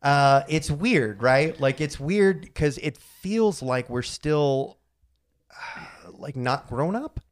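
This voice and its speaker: A man's voice: a little high, expressive, slow. A man in his thirties hosting a casual podcast chat. He rambles, trails off into mumbles and pokes fun at himself. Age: 30s. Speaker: podcast host.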